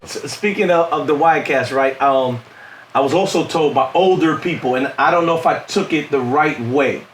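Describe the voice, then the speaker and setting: A man hosting a relaxed interview, with a voice pitched high for a man. He talks in a chatty way and often laughs through his stories. Faint noise hums behind him. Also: normal speed. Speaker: interview host. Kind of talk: casual interview chat.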